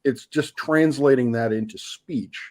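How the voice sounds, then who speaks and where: A man's voice: medium pitch, measured pace, darkish tone. A man from the United States chatting casually as a stream guest, hesitant, with stammering restarts. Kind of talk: casual chat.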